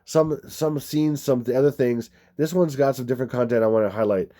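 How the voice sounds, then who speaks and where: Man with a dark voice, rambling. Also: medium pitch, fairly even intonation, brisk. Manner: meandering, repetitive, with frequent restarts. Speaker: video host. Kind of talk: rambling number-code commentary over movie clips.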